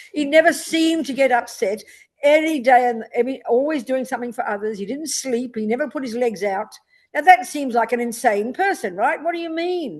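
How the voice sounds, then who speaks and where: A Buddhist nun teaching a dharma talk, blunt and emphatic, often checking with rhetorical questions. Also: female voice, on the high side.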